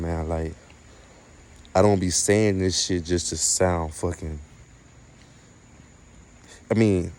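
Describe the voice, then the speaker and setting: Man, low voice, quiet preachy outdoor night vlog, casual swearing. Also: fairly even intonation, slow pace, long pauses, slight background noise. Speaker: spiritual vlogger.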